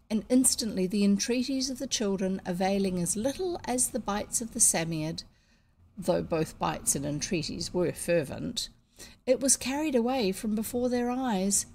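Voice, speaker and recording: A woman's voice: mid-range voice, expressive, normal speed, darkish tone, a little hiss or hum. A woman reading a children's novel aloud, chatting in easygoing asides between passages.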